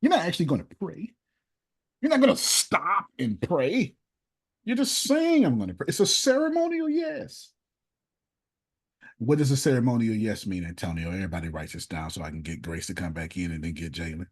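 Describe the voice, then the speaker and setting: Animated husky-voiced male coach. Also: medium pitch, normal speed. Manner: emphatic, preachy, repeats points for effect; casual, conversational grammar. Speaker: motivational speaker and business coach. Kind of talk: animated live coaching session.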